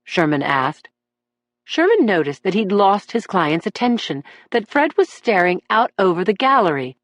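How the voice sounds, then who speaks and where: Steady woman audiobook narrator, dry read. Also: mid-range voice, moderate pace, no echo. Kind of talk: scripted narration.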